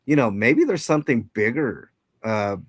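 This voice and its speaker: A man's voice: mid-range voice, very animated, normal speed, slight background noise. A man hosting a casual livestream chat, greeting viewers and rambling with many fillers and restarts. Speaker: livestream host.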